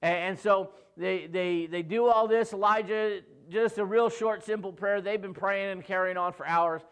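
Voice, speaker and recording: High-voiced pastor telling a lively story. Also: male voice, normal speed, clean tone. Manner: jokey, acts out quoted voices with asides to the congregation. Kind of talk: casual storytelling sermon.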